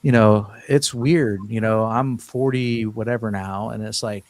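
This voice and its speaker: A man's voice: fairly low pitch, fairly even intonation, unhurried, hardly any pauses, darkish tone. A man in his fifties, a guest in an interview, telling his story in an earnest, rambling way with many restarts. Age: 50s. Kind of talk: casual interview talk.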